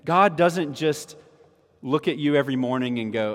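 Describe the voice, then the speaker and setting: A man preaching a sermon as pastor, moving between hushed teaching and rising, fervent proclamation. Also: medium pitch, animated, normal speed, in a large hall.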